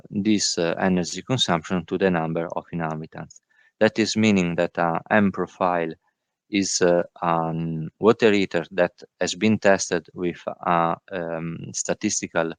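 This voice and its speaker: Halting, low-voiced man presenting slides. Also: no echo. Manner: halting, many filler sounds. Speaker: workshop presenter. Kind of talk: technical presentation. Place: virtual workshop call.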